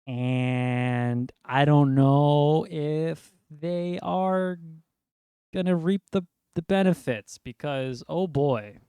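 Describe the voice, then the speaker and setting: A man's voice: on the high side, very slow, dark tone, clear, resonant tone, dry recording. A young man from New York ranting about basketball trades in a rambling, exasperated way. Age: young adult. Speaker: sports fan vlogger. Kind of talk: ranting sports commentary.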